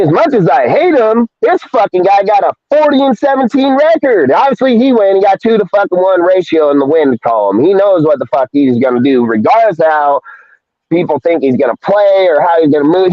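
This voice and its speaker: On a sports talk stream, a man who co-hosts a podcast delivers a heated, profane call-in rant, his pitch swinging up and down. The audio is dull, with no room sound.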